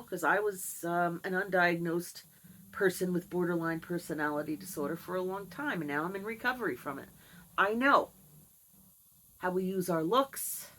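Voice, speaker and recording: A woman's voice: lowish voice, fairly bright tone, slight background noise, low-quality recording. A middle-aged woman vlogger telling a candid personal story to camera in a chatty, wry way. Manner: chatty, wry, talks to her cat between stories. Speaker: video blogger.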